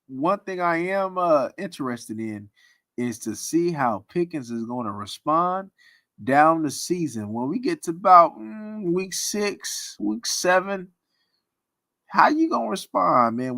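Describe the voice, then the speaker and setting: A man's voice: mid-range voice, sharp tone, dry recording. A man hosting a casual sports talk stream, teasing and laughing often. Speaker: sports commentary host.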